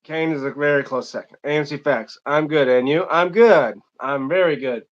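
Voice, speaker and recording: A young Michigan man hosts an unscripted live stream, reading chat comments out loud and answering them in a loose, rambling way. His pitch is fairly high, he talks a little fast, and the recording sounds muffled.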